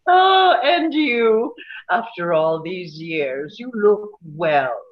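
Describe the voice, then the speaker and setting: A woman's voice: mid-range voice, big pitch swings, extremely slow, heavily acted. Woman reading Lady Danbury, a grand old hostess. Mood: gracious. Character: grand older society lady hostess, shrewd. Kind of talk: online table read. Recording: dull lo-fi sound.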